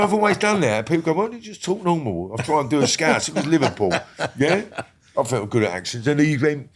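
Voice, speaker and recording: An older man, a guest on a podcast, talking bluntly with constant swearing and rambling restarts. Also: mid-range voice. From England. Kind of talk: casual interview talk.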